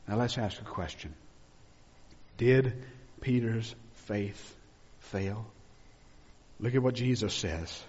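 A man pastor preaching a sermon, swinging between loud emphatic declarations and hushed, low passages. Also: slow, pauses often, slightly rough. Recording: dull lo-fi sound with long hall reverb.

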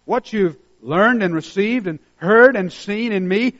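A male pastor with a high, ringing voice delivers an impassioned sermon. He moves between hushed, earnest asides and loud, driving calls to act. The recording sounds a little muffled and lo-fi. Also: measured pace. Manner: swings between hushed intensity and loud emphatic exhortation.

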